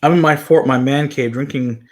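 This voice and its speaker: A man's voice: mid-range voice, steady tone, normal speed. A man hosting a casual whiskey tasting stream, rambling and reading viewer chat aloud. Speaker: host.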